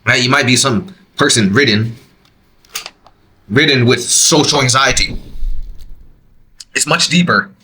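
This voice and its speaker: A man hosting his own podcast, reacting to a clip with emphatic, animated commentary from a quiet, empty room. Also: unhurried, long pauses, slight background noise, low-quality recording. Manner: animated, emphatic, jumps to high exclamations. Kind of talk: reaction commentary, casual monologue.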